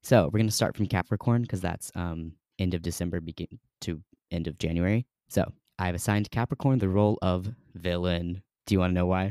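Low-voiced young man rambling on a podcast. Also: a little fast, hardly any pauses, dark tone, no echo, studio quality. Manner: chatty, rambling, many fillers. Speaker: podcast host. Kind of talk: casual podcast chat.

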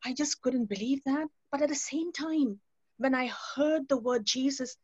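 Woman, fairly high voice, storytelling testimony, dry muffled lo-fi sound. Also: moderate pace, darkish tone, breathy edge, dry recording. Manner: storytelling, acting out quoted dialogue. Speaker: speaker giving a personal testimony. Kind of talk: spoken testimony to a youth webinar.

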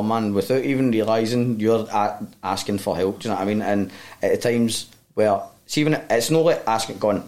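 Sweary Glaswegian man, low voice. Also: a little mellow. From Glasgow, Scotland. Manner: sweary, heartfelt, rambling. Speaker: guest. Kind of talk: candid personal storytelling.

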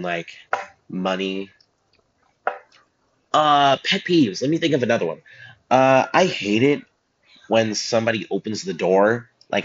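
A teenage boy hosts a podcast on his own, going off on tangents and joking at his own expense. His voice sits low. The school-room recording sounds muffled and lo-fi. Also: fairly bright tone. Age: teens. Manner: joking, self-deprecating, goes off on tangents. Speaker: student podcast host. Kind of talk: rambling solo podcast chat.

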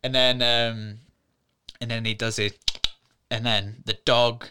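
A man co-hosting a casual film review in a studio. He retells scenes in a lively way, with fillers and laughs. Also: mid-range voice, slow pace, slight background noise. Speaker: podcast co-host.

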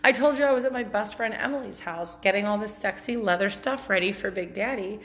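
A woman's voice: mid-range voice, fairly quick, fairly bright tone, slight background noise. Blunt, profane woman chatting. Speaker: podcast host. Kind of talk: casual storytelling monologue.

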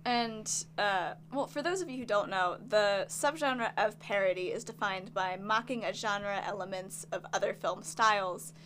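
A woman's voice: mid-range voice, moderate pace, hardly any pauses, fairly bright tone, a little hiss or hum. A young woman hosting a film podcast in casual chat, bubbly and laughing often. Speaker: podcast host.

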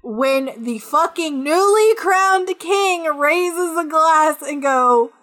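A woman's voice: very high voice, slow. A woman co-hosting a podcast, ranting about a movie in casual chat and swearing freely. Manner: animated, profane ranting. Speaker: podcast co-host.

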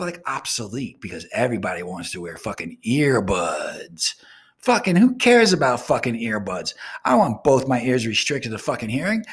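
Profane male vlogger, husky voice, swooping pitch, ranting rhythm. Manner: profane, ranting, swings between loud outbursts and muttered asides. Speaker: online show host. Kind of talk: profane rant to camera.

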